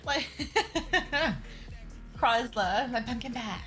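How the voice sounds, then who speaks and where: A young woman from New Zealand, her Kiwi accent slightly Americanized, livestreams a game and chats casually, giggling with her chat. Her voice is a little high, expressive and a bit bright, and she speaks very slowly over soft background music in a rough recording.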